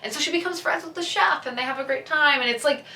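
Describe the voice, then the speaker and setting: A young woman chats away as a vlogger, gushing and acting out bits of dialogue. Her voice is bright and clear, but she sits a little back from the mic. The room adds a noticeable echo. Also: high voice, fast. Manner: chatty, gushing, acts out characters' lines. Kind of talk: casual chat. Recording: echoey room, a bit far from the mic.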